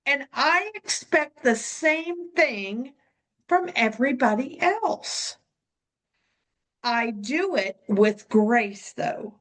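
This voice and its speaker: A woman's voice: high-pitched, animated, extremely slow, a bit bright. A woman co-hosting a podcast as a coach, talking bluntly and animatedly, laughing often. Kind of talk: casual podcast chat.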